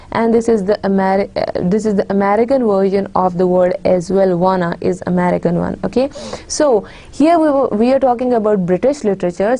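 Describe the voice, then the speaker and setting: A woman's voice: medium pitch, mellow. A woman giving a recorded English literature lecture, addressing her dear students often, with many fillers and restarts.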